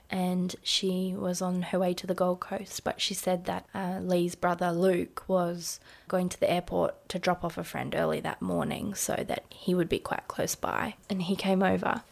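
A woman's voice: lowish voice, flat delivery, normal speed, gravelly, hardly any pauses. An Australian woman telling a personal story in a podcast interview, speaking conversationally and quoting dialogue as she goes. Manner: conversational, recounting events with quoted dialogue and frequent "like". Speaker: interview guest.

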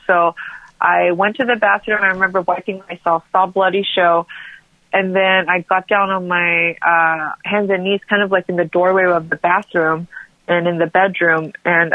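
A woman's voice: lowish voice, level tone, unhurried, no echo. A woman telling a personal story as an interview guest, rambling with frequent restarts and filler words. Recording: tinny phone line, dry.

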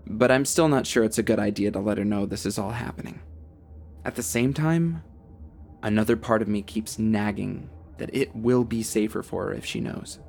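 A young man narrating a first-person horror story in a steady, tense telling. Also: lowish voice, moderate pace, gravelly, slight background noise. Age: young adult.

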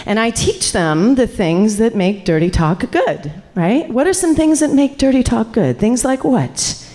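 A middle-aged woman, a sexuality educator, telling a story live to an audience in an animated way, laughing and chatting with the crowd. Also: on the high side, unhurried.

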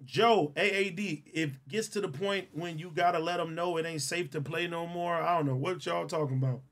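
A man with a high, bright, forceful voice cracks jokes at his co-host's expense. He banters loosely on a podcast, trading teasing insults and laughter. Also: brisk. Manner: teasing, trash-talking, laughing often. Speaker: podcast co-host. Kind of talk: casual banter.

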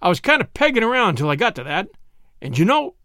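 A man's voice: high voice, big pitch swings, quick pace, bright, forceful tone, no echo, clean studio sound, full character voice. Male reader playing an old country cobbler, teasing and folksy, rustic drawl, voice nudged up a bit.

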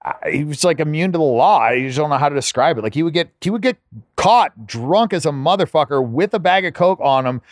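A man's voice: on the high side, lively intonation, a little fast, no echo, clean studio sound. Laid-back, profane male podcast guest. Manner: profane, laid-back, heavy use of filler words. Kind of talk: casual storytelling.

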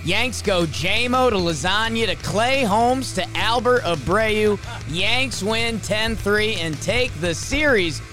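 A man's voice: sits high, slow pace, few pauses, music in the background. A man co-hosting a casual sports podcast, rattling off a jokey play-by-play game recap. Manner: excitable play-by-play delivery, jokey. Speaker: podcast co-host.

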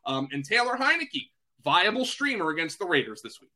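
Male fantasy analyst, chatty podcast delivery, very bright tone, slightly high voice. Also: very animated. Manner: quick, chatty, self-deprecating, many fillers and restarts. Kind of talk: casual sports podcast chat.

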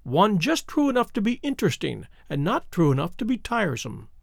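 A man's voice: sits high, wildly swooping pitch, brisk, gravelly, no room sound, studio quality, full character voice. A man reading aloud and voicing a bored, worldly baroness with an arch, languid manner.

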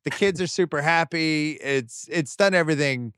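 A middle-aged man with a faint lilt, talking casually as a podcast host. His voice sits a bit high and he tells stories with animated, quoted voices. He is recorded close and dry. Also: normal speed, clean tone, dry recording. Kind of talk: casual chat. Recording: dry close studio mic.

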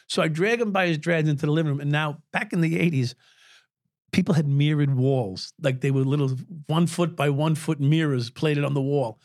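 A former police officer in his sixties tells stories as a podcast guest, swearing freely and laughing at his own tales. His voice is on the high side and creaky, captured in clean studio sound with no echo.

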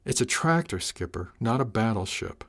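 A man's voice: mid-range voice, animated, moderate pace. A man voicing a blunt but caring female ship's chief engineer, speaking frankly and practically in an audiobook. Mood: earnest. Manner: frank, practical, gently worried. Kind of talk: audiobook character voice.

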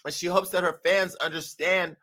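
A man hosting a celebrity gossip show, talking in a sassy, profane and animated way and laughing at his own jokes. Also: sits high, normal speed, dry recording. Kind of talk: brash gossip commentary.

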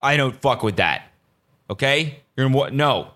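A man voicing a macho guy who is mocked for freaking out over a painted nail, in a loud, scandalized way. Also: medium pitch, animated, normal speed. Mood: mocking disgust.

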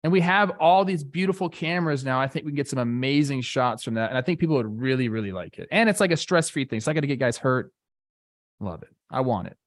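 A man co-hosting a sports podcast, talking in a relaxed, enthusiastic way with lots of casual fillers. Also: medium pitch, fast, dry recording. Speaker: podcast co-host, former player.

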